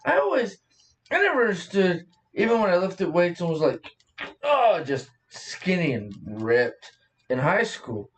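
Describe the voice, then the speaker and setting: A man's voice: high-pitched, sing-song, a little slow, recorded from a distance. A man co-hosting a podcast in casual chat, crude and profane, laughing often. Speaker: podcast co-host.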